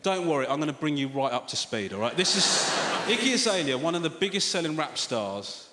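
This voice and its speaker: Sardonic British stand-up with a fairly high voice, heard through a big theatre's ringing echo over a clear audience. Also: male voice, big pitch swings, a little fast. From Britain. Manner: sardonic, sweary, addresses the crowd directly. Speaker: stand-up comedian. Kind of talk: stand-up comedy set. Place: large theatre stage. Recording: reverberant theatre with audience noise.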